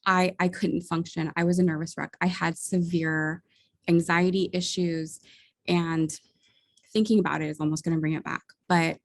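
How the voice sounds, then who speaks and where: Earnest woman with a low voice. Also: flat delivery, normal speed, dry recording. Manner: earnest and emotional, with laughs and sighs. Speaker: vlogger sharing a personal story. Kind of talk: casual personal storytelling.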